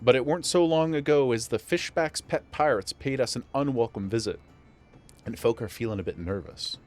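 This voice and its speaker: Man doing a gruff old-salt tavern keeper. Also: medium pitch, brisk, darkish tone, soft background music, lightly acted. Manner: clumsy put-on rough dockside accent. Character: gruff male tavern keeper, burly sailor type. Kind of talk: reading game dialogue aloud.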